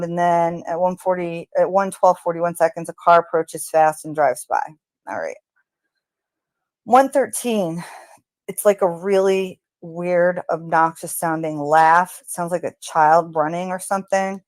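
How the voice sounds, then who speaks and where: A woman casually narrating what she hears in a recording, halting often with ums and restarts. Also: fairly low pitch, clean tone, no echo. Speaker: true crime commentator. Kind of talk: casual narration of audio analysis.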